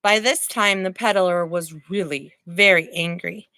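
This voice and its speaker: A woman preschool teacher reading a picture book aloud to young children, animated and asking them questions. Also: lowish voice, unhurried.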